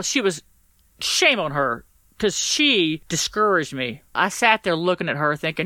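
A woman with a bright, tense, forceful voice tells a personal story as a podcast guest. She is blunt and swears freely, acting out what people said to her. The sound is dry and close, and the emotion sits near the surface. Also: lowish voice, very animated, measured pace, dry recording. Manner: blunt and profane, acts out quoted exchanges.

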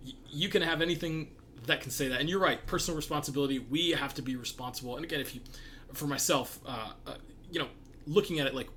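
A man's voice: fairly high pitch, fast, sharp tone, a little hiss or hum. A man hosting a podcast, talking earnestly and reflectively with frequent laughs. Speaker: podcast host. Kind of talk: casual podcast conversation.

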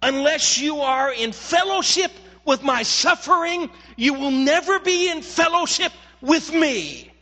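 An earnest male pastor delivers a sermon with a strikingly high, forceful voice. He repeats words as he builds and calls out directly to his congregation. A long hall reverb trails every phrase. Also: animated, unhurried, few pauses. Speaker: lead pastor. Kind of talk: impassioned sermon.

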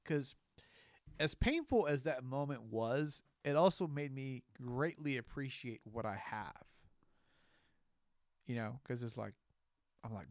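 A man in his thirties co-hosting a podcast in casual chat, telling stories in a lively way. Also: mid-range voice, unhurried, long pauses, no room sound, clean studio sound. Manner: animated storyteller, acts out quoted voices. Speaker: podcast co-host.

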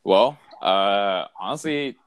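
A man's voice: fairly low pitch, lively intonation, slow, smooth. A man who is a guest in a casual chat, talking in a laid-back way with lots of "man" and "honestly".

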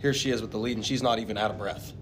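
A man's voice: fairly low pitch, fairly even intonation, very fast, a little hiss or hum. A man on a casual podcast, a monster truck driver, joking and laughing often.

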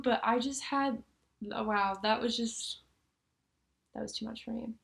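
A woman's voice: on the high side, steady tone, moderate pace, gravelly. A young woman co-hosting a casual podcast, chatting enthusiastically with lots of "like" fillers. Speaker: podcast co-host. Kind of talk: casual chat.

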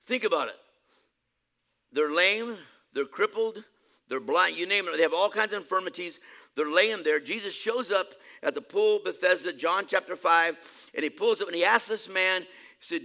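A male preacher giving a sermon, emphatic, swinging between loud exclamations and quiet asides. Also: high voice, moderate pace.

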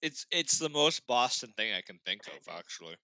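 Young man, very sharp tense tone, lively swinging pitch, filler-heavy casual talk. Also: normal speed, no room sound, low-quality recording. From Massachusetts. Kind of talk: casual chat.

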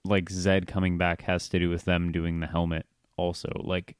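A man co-hosting a casual fan discussion, speaking in a measured, analytical way. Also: low-pitched, monotone, smooth, dry recording, clean studio sound. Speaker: podcast co-host.

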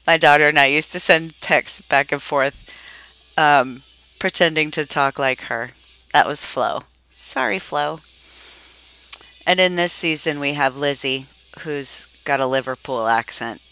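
A woman's voice: low-pitched, bright, forceful tone. A middle-aged woman from Massachusetts chatting casually and rambling, with frequent laughs and trailing-off sentences. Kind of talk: casual chat.

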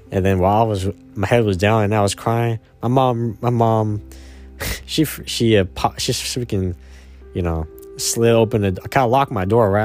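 A man in his twenties, his voice low and slightly mellow, casually tells a personal story. He rambles in slang, packing his speech with fillers like "man" and "you know."

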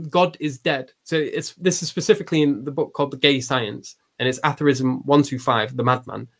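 Rambling, hesitant man talking philosophy. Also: on the high side. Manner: hesitant, many restarts and fillers; acts out quoted lines with raised voice. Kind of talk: casual conversational explanation.

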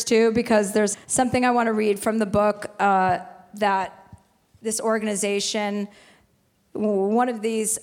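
Woman host, 40s, frank and profane storyteller, live show, long hall reverb. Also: mid-range voice. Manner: frank and profane, rambling with restarts. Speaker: podcast host. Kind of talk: candid storytelling on a live podcast. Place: live stage in a venue.

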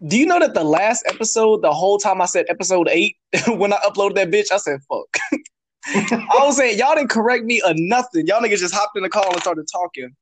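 A male podcast host chatting loudly and jokily on an online call. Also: high voice, animated, fairly quick, no echo. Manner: hyped, loud, jokey. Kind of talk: casual group chat on a call. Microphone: online call mic.

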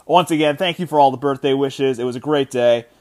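A man of thirty hosting his own sports podcast from home, telling stories in a lively, rambling way with many restarts. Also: medium pitch, a little fast. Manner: animated storytelling, many restarts and filler words. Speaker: podcast host. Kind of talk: casual solo sports podcast chat. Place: his house.

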